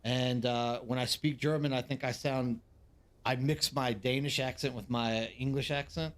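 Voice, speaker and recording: A man's voice: medium pitch, steady tone, moderate pace. Chatty man streaming to his chat. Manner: rambling, talks straight to the chat. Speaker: game streamer. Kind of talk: casual live-stream chat.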